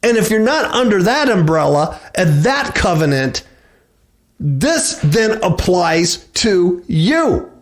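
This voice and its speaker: A man's voice: high-pitched, sing-song, takes it slowly. A middle-aged man hosting a radio show, preaching and reading scripture aloud. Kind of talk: preaching bible commentary.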